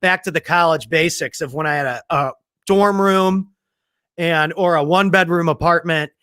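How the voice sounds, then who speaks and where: Bright-voiced chatty man, dry sound. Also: a little high, normal speed, clear, resonant tone, no room sound. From Texas. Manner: chatty, laughs easily, trails off mid-sentence. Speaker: podcast co-host. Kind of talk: casual chat.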